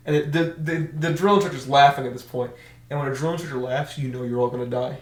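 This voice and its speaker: A young man on a podcast telling stories in casual chat, animated and laughing often, acting out shouted orders. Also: medium pitch, a little fast. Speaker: podcast co-host. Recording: echoey room.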